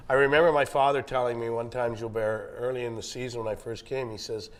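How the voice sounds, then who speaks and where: A man's voice: medium pitch, steady tone, fast talker, few pauses. A man, a former teammate, telling a story to a group and acting out the quoted lines.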